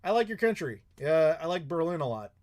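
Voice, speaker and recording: A man in his thirties talks through viewer questions on a live stream from his home. His voice sits a bit high for a man. He rambles casually, trailing off and restarting, with the odd curse word. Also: big pitch swings, a little fast, a little mellow. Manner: rambling, chatty, with frequent swearing and laughs. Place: home in Chicago.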